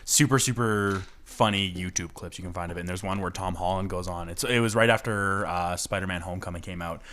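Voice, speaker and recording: Guy with a lowish voice on a chatty podcast, laughs a lot, swears casually. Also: a little fast, a bit bright. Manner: laughing storyteller, swears freely. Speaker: podcast co-host. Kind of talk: casual chat.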